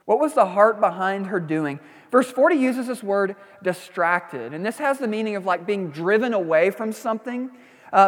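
A man's voice: high-pitched, long reverb tail. A man preaching a sermon as a pastor, reading scripture, praying and teaching in a conversational way with frequent asides.

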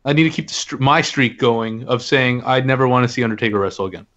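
A man's voice: mid-range voice, fast talker, fairly bright tone. A man co-hosting a casual podcast, talking in a sarcastic, self-mocking way. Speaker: podcast co-host. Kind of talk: casual chat. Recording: dull lo-fi sound.

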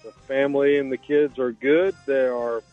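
A man's voice: medium pitch, steady tone, soft background music. Man calling in on a tinny phone line. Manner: measured, matter-of-fact update. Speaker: sheriff's office major, guest. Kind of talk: phone-in radio interview.

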